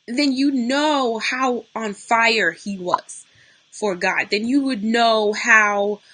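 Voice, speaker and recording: Tearful woman talking live, bright voice. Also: a little high, slow, low-quality recording. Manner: tearful, talking through grief, greets viewers mid-sentence. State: losing her voice, near tears. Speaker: livestream host. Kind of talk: unscripted emotional live talk.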